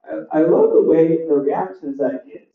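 A man doing a deadpan stand-up set with one-liners and crowd chat, his voice a little crackly, on a small club stage. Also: a little high, moderate pace, creaky. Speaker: stand-up comedian. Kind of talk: open mic stand-up set. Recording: roomy, distant, dull club recording.

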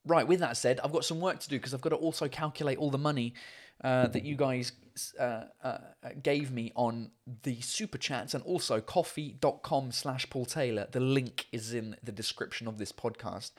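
A man hosting a casual live show from home on a microphone, chatty and rambling with lots of fillers, excitable and casually swearing. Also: mid-range voice, moderate pace. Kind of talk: casual chat.

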